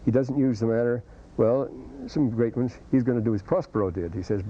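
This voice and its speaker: A male lecturer talks through his material in a mellow, darkish voice, circling back and restarting his sentences as he goes. The recording is dull and lo-fi, with a faint hiss underneath. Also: mid-range voice, brisk. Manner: rambling, scholarly, many restarts and asides. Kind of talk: classroom lecture.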